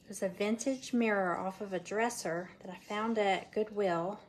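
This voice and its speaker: Streaming live from home, this woman works on a craft project and chats casually with her viewers, whom she calls "y'all," talking as her hands stay busy. Her mid-range voice holds a steady tone at normal speed, with a little hiss or hum in the recording.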